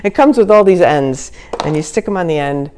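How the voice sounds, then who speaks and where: A woman's voice: sits low, expressive, brisk, noisy background. A woman chatting casually while demonstrating a recipe in her home kitchen, giggling and laughing at herself often. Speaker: home cooking vlogger.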